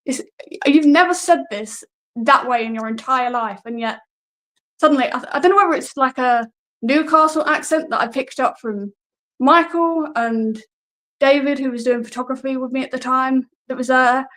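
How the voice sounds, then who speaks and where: Woman, wrestler guest, hesitant, self-deprecating, slightly high voice. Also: normal speed, a bit bright, rough recording. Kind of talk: casual interview answers.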